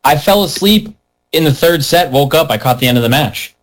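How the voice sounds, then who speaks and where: A man's voice: fairly high pitch, a little fast, poor audio. A man chatting casually on a podcast, telling a story and acting out the voices of the people in it. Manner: animated storyteller, acts out quoted voices.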